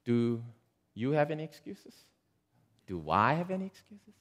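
A man preaching a sermon, telling an illustration in a lively way with asides to his listeners. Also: medium pitch, a little slow. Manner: lively, animated storyteller with asides to the congregation. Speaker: pastor. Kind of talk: sermon storytelling.

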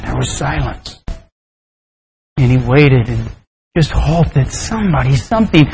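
Slow, earnest man preaching a sermon. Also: mid-range voice, animated, creaky, rough recording. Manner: slow, deliberate, earnest delivery. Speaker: pastor. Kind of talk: sermon with prayer and storytelling.

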